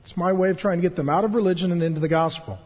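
A man in his thirties preaching a sermon as a pastor, animated and joking as he tells stories. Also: high-pitched, rapid-fire, breathy edge. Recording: dull, echoey hall recording.

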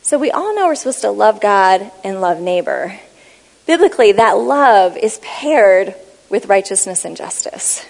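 A woman giving a teaching talk, explaining Bible words and reading passages aloud in a measured, explanatory way. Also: mid-range voice, very animated, gravelly, darkish tone, in a large hall, poor audio. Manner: measured, explanatory, reads scripture aloud slowly. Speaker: speaker on Bible study.

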